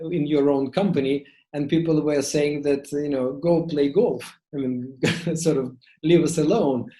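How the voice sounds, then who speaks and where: Hesitant host, mellow voice in an echoey room. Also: male voice, on the high side. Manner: hesitant, with many fillers. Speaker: interview host. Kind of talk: casual interview questions.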